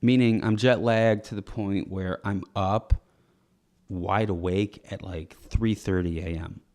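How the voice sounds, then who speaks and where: A man's voice: lowish voice, steady tone, measured pace, a little mellow. A young man on a podcast, telling a rambling comedic story, laughing often and acting out the voices of people in it. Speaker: podcast co-host.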